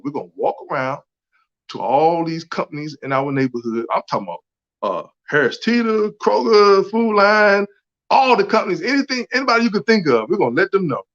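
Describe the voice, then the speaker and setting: A man's voice: on the high side, a bit bright. A man, speaking as a community organizer in an impassioned, emphatic casual talk, often checking in with "right?". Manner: emphatic, repetitive, keeps asking "right?". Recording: dull lo-fi audio.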